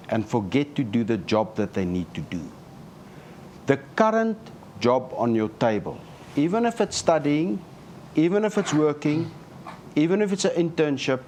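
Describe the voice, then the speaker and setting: A man's voice: medium pitch, slight background noise. A man moderating a live panel discussion and giving advice to young people. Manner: animated, lecturing advice.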